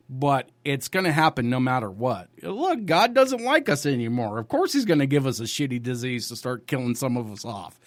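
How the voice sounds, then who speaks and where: A man's voice: a little high, dry recording, studio quality. A man hosting a news commentary show, blunt and profane, ranting over headlines.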